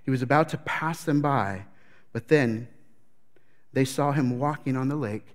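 A man's voice: medium pitch, unhurried. A man preaching a sermon as pastor, telling the story with animation and acting out scenes.

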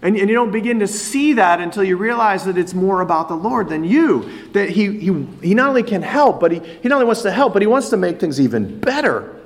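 Earnest preacher, high-pitched man. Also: animated, brisk, hardly any pauses. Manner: earnest, repeating words as he builds points. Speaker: pastor. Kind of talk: sermon.

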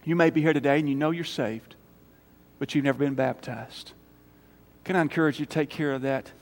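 Pastor, male, high voice, emphatic sermon delivery, long church-hall reverb. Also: brisk. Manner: emphatic, rising to loud calls then dropping soft for prayer. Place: church sanctuary.

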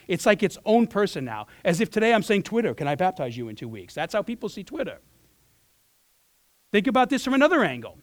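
Earnest pastor, conversational sermon. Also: male voice, high-pitched, dry recording, studio quality. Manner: conversational, earnest, filler-heavy with restarts.

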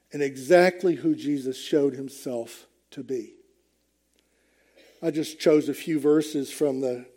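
Slow, mellow-voiced male preacher. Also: on the high side. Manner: emphatic, rising and falling with the message. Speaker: pastor. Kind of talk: sermon.

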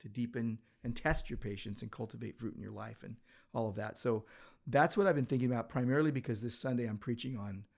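A man's voice: medium pitch, fast, vocal fry. A man, a pastor co-hosting a church podcast, talking in a loose, rambling way with many restarts, recorded in an office. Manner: rambling, with frequent restarts and filler. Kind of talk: casual chat. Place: office full of books.

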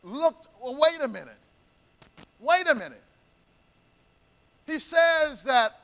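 A male pastor delivering a sermon in a very high, bright, ringing voice. He takes his time and hammers points home through repetition, calling out to the congregation. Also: lively intonation, slow pace, long pauses, poor audio. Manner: emphatic, repeats key phrases, calls out to the congregation.

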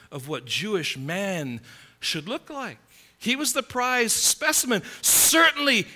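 A man preaching a sermon in a dramatic way, asking the listeners questions and swinging from loud cries to hushed, low passages.

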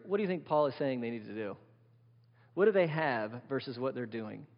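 Animated preaching man in a reverberant hall. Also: medium pitch, vocal fry. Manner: animated preaching, asks the congregation questions. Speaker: pastor. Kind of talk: sermon. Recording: dull lo-fi sound with long hall reverb.

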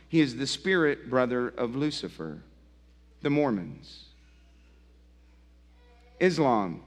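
A pastor preaching a sermon with emphatic repetition, his delivery swinging between low, quiet passages and loud, climactic ones. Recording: long hall reverb.

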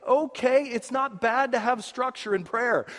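A male preacher giving a lively, humorous sermon, often breaking into laughter between points. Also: extremely high pitch, a little slow, long reverb tail.

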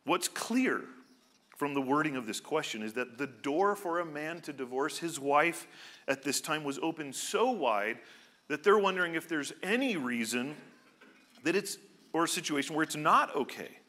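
A man's voice: a little high, lively intonation, moderate pace, bright, forceful tone. A man preaching a sermon as pastor, explaining scripture in an earnest, teaching way.

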